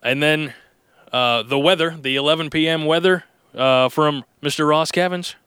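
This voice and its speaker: A man's voice: a little high, moderate pace, sharp tone, smooth, no room sound. A man hosting from a studio with headphones, chatty and joking, often restarting his sentences. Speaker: radio host. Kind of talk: casual recorded chat. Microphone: studio mic with headphones.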